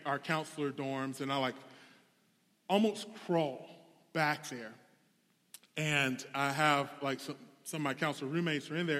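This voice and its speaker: A man's voice: fairly high pitch, a bit bright. Preaching man in a reverberant hall. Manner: storytelling, conversational and candid. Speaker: pastor. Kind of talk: sermon.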